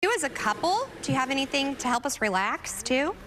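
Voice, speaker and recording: A woman hosting a morning TV show, her voice high and swinging widely in pitch. She sounds bright and bubbly as she draws out her guest. A faint hiss sits under the recording. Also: big pitch swings, a little fast. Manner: bubbly and enthusiastic. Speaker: TV talk show host. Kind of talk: upbeat morning show interview.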